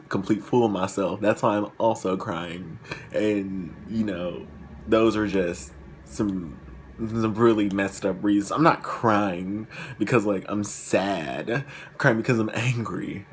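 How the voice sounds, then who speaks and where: A man's voice: on the low side, a little hiss or hum. A young man who tells a casual story in a rambling, self-deprecating way, with lots of fillers. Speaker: vlogger.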